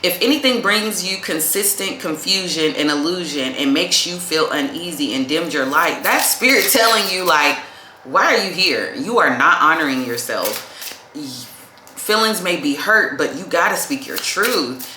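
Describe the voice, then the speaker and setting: A woman's voice: lowish voice, lively intonation, moderate pace, hardly any pauses, sharp tone, a little hiss or hum. A woman giving a casual tarot reading to camera. She is chatty, calls the viewer "baby" and says "like" a lot. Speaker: tarot reader. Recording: echoey room.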